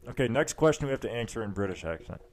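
Low, gravelly-voiced young man chatting crudely. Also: lively intonation, racing, darkish tone, slight background noise. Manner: crude, rambling, storytelling. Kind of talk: casual chat.

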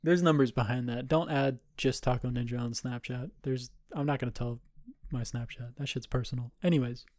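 A man's voice: medium pitch, fairly even intonation, fairly quick, darkish tone, no room sound. A man in his twenties, co-hosting a podcast and telling a rambling, profane party story in casual chat. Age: 20s. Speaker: podcast co-host.

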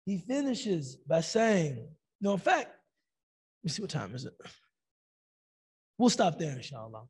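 A man's voice: fairly high pitch, measured pace, pauses often, slightly rough. A man giving an Islamic lecture, telling stories animatedly and acting out quoted lines. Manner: animated storytelling, acts out quotes.

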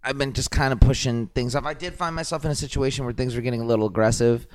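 A man's voice: mid-range voice, fast talker, a little mellow. Laid-back slangy man. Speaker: podcast co-host. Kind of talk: casual chat.

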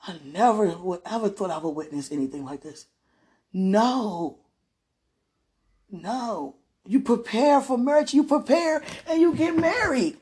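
A woman lying in bed, praying aloud in a moaning, pleading way, drifting between hushed whispers and loud protests. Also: medium pitch, animated, a little slow. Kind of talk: emotional spoken prayer monologue.

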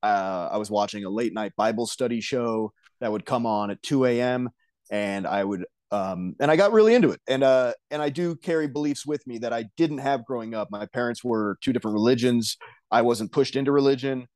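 A young man, a podcast guest, talking in a hesitant, halting way with soft laughs. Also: medium pitch, no room sound. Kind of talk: casual chat.

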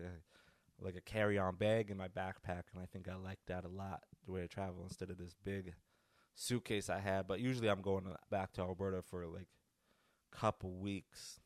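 Rambling low-voiced man, casual podcast. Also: no echo, studio quality. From North America. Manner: rambling, loose, with many fillers and restarts. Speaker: podcast host. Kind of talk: casual solo podcast talk.

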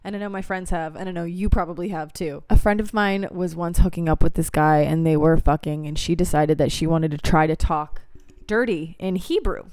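A young woman with a low, darkish voice speaks briskly as a podcast host. In a casual monologue, she tells frank, profane stories with candor and laughs often.

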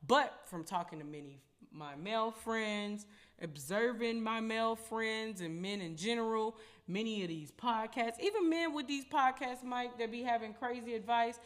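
A woman's voice: a little high, normal speed. A young adult woman hosting her own podcast, talking in a casual, preachy way and addressing her listeners as y'all. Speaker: podcast host. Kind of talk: casual faith talk.

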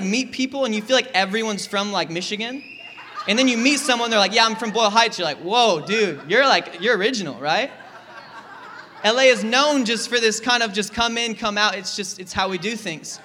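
A young adult man preaching a lively, conversational sermon in a large church hall, acting out quoted voices as he speaks. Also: high voice. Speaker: pastor. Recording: live church hall with long reverb.

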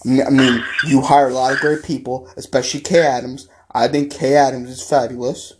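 A man's voice: medium pitch, little pitch movement, a little fast. A male podcast host ranting angrily about football, repeating himself and swearing. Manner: angry, repetitive, profane ranting. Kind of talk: ranting sports podcast talk.

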